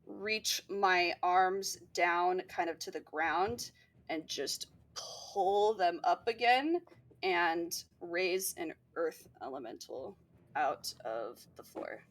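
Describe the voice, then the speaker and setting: Woman player, slightly low, slow and deliberate narration of actions. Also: lively intonation. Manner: slow, deliberate describing of her character's actions. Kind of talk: tabletop game play.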